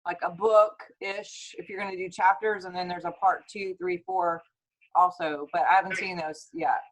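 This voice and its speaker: A woman hosting a casual conversation, chatty and animated when she tells a story. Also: fairly low pitch, moderate pace, low-quality recording. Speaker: host, naturopathic doctor.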